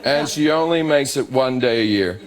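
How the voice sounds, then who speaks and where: A man's voice: medium pitch, moderate pace. A middle-aged man with an Australian accent, telling brash comic stories as a talk show guest, laughing and slipping into mock voices. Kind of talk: comic storytelling on talk shows.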